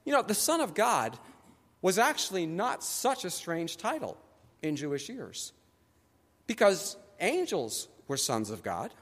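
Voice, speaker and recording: This male pastor's sermon, delivered in a church sanctuary, has a high, animated voice with a breathy edge that leaps across a wide range. Speaking conversationally, he mimics the people in his story with quick voices as a long reverb follows him.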